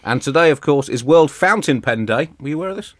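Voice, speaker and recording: A man's voice: a little high, lively intonation, fast, fairly bright tone, no room sound. A man hosting a comic podcast with a dry, mock-formal delivery. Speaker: host.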